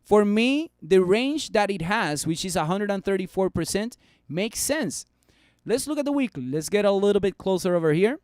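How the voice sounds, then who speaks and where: High-voiced, chatty male stock streamer. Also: animated, normal speed, a little mellow, smooth, no room sound, studio quality. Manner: chatty, bantering with chat. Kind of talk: casual live stock analysis.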